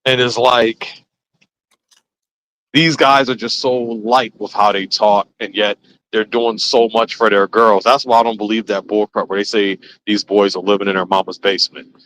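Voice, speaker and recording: A man hosting a casual chat, telling stories with animated swings into quoted voices. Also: lowish voice, normal speed, a little hiss or hum, poor audio. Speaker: host.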